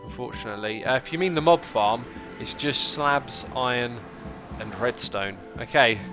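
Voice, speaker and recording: A man hosting a casual gameplay livestream, chatting, thinking out loud and answering viewer comments. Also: medium pitch, moderate pace, over music. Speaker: livestream host.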